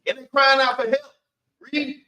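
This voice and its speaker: A man's voice: extremely high pitch, steady tone, normal speed, sharp tone. Casual bible teacher guy, emphatic, keeps saying man, sounds distant in a roomy space. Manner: emphatic, calls everyone man, urges reading on. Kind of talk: preaching commentary on scripture. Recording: echoey room, far from the mic.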